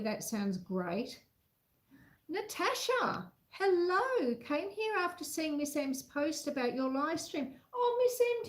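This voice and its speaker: An Australian woman with a slightly high voice talks in an unhurried, drawn-out way as she bakes and chats with her live-stream viewers. She is chatty and pokes fun at herself. Her voice rings around a roomy, echoey home kitchen. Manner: chatty, self-deprecating, reads chat aloud while cooking. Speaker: homestead vlogger hosting a live stream. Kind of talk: casual live-stream baking chat.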